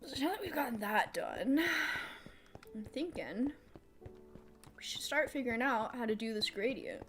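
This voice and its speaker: A woman streamer giving casual live gameplay commentary. She thinks out loud while she builds, answers chat aloud and laughs often. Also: a little high, lively intonation, moderate pace, soft background music. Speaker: streamer playing a building game.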